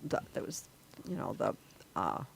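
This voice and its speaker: A woman's voice: moderate pace, slight background noise. A middle-aged woman hosting a casual group chat over a video call, rambling and laughing at herself. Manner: rambling, laughing, self-deprecating. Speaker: host.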